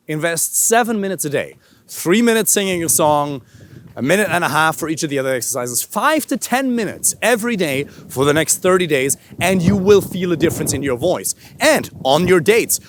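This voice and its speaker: A male coach giving an energetic, animated instructional talk to camera outdoors in a park. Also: high voice, slight background noise. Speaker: dating and voice coach.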